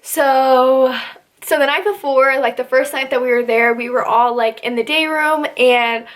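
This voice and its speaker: A young woman talks to camera in a high, bright voice. She rambles through her story, filling it with "like" and little asides. Her delivery is casual and conversational. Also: steady tone, measured pace. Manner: chatty, rambling, heavy use of "like". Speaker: vlogger recounting basic training.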